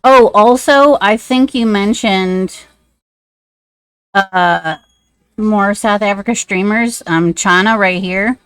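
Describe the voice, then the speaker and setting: A woman's voice: mid-range voice, slow pace, clear, resonant tone, no echo. A woman streamer chatting casually and rambling, with many fillers, while she draws live. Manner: sing-song baby talk to a pet.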